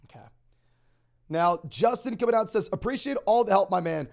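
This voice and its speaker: A young man hosting a live stream, answering viewer questions in a rapid, auctioneer-like delivery. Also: high voice, animated, creaky, darkish tone. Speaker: fantasy football host.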